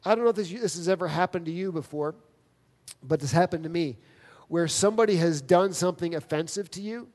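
A man preaching a sermon as pastor, earnest and emphatic, with dramatic pauses. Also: a little high, a little mellow. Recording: long reverb of a large hall.

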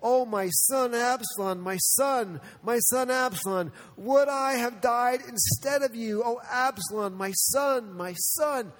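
A man's voice: very high voice, takes it slowly, hardly any pauses, in a large hall, pitched above the performer's own voice. A man voicing an ancient king crying out in grief for his son. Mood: anguished. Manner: anguished, crying out.

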